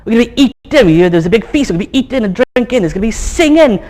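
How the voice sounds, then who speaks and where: A man with a notably high voice preaching to his congregation in a chatty, joking way. He keeps coaxing the room to get excited and talks like he's among friends. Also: very fast. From Wales. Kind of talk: sermon. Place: church hall.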